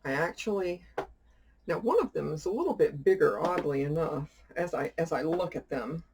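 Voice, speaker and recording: This woman's voice sits low with a darkish tone and lively intonation, at a moderate pace, and there's a little hiss or hum. She's a witchcraft YouTuber casually showing off a shopping haul, rambling through a story and laughing often.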